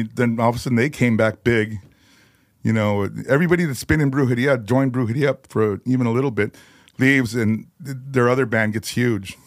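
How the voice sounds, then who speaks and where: A man's voice: mid-range voice, dry recording. Rambling man telling stories, dry mic. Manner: rambling, loose, full of "you know" and "like". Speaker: guest musician. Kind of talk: casual storytelling conversation.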